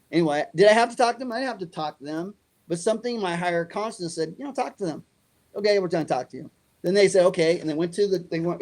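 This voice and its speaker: A middle-aged man telling a story in an interview, acting out the other voices in it. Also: sits high. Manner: animated, acts out dialogue. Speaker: guest.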